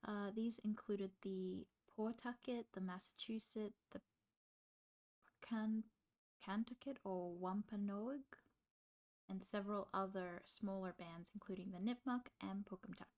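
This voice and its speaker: A woman's voice: mid-range voice, fairly even intonation, a little slow, darkish tone. A young woman, livestreaming casually while she studies, rambling to her chat and reading notes aloud into a desk microphone. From Australia.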